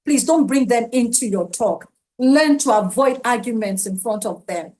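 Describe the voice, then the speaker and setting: A woman's voice: on the high side, lively intonation, moderate pace, a little mellow. A middle-aged Nigerian woman giving a parenting webinar talk, emphatic and pleading with her listeners. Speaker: parenting speaker.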